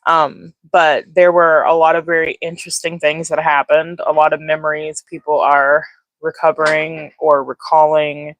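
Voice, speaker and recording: A woman's voice: low voice, flat delivery, moderate pace, dry recording, lo-fi sound. A woman hosting a casual livestream from her phone, rambling with lots of fillers and greeting viewers by name. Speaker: livestream host. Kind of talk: casual live chat.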